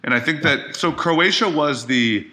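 A man co-hosting a podcast in casual chat, animated and swearing freely. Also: fairly high pitch, unhurried. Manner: animated, swearing, laughs easily. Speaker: podcast co-host.

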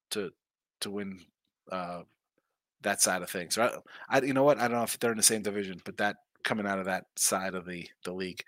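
Man, sports betting stream host, bright voice, dry sound, loose chatty banter. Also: medium pitch, no room sound. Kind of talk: live-stream chat, reading viewer comments.

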